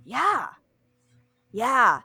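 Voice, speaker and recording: A woman's voice: a little high, sing-song, extremely slow, gravelly, pushed and bright, breathy edge, no echo. A young woman hosting a casual chat, blunt and profane, with lots of fillers and restarts. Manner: blunt, swears freely, many fillers and restarts. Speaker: podcast host.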